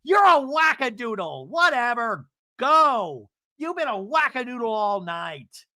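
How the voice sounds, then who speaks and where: Casting: male podcaster impersonating a combative reality-star woman, high and sharp, snapping back. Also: sing-song, measured pace, dry recording, clean studio sound, exaggerated voice.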